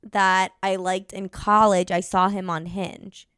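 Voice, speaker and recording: A woman's voice: medium pitch, level tone, slow pace, a bit bright, clear, resonant tone, no echo, studio quality. A young woman co-hosting a podcast, chatty and playful, and she says "like" a lot. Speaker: podcast co-host. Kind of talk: casual chat.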